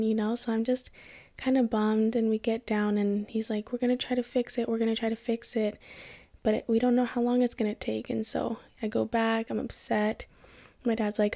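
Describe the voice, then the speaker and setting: A woman's voice: a little high, creaky. A young woman from Kenya telling a personal story in a casual vlog, acting out the voices of the people she quotes. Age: young adult. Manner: animated, acts out quoted voices. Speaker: vlogger.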